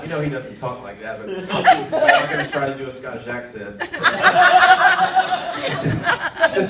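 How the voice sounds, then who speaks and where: On an arts center stage, a man in his thirties from North Carolina delivers self-deprecating stand-up and leaps into quoted voices, drawing laughter. His pitch is medium and his delivery animated at a normal speed. The sound is echoey and far off, with heavy hiss.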